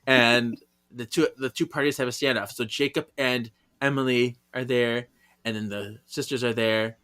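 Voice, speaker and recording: A man co-hosting a podcast, recapping a story in casual chat, giggling often and acting out the characters' lines in quick high voices. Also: fairly even intonation, bright, forceful tone, clear, resonant tone. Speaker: podcast co-host.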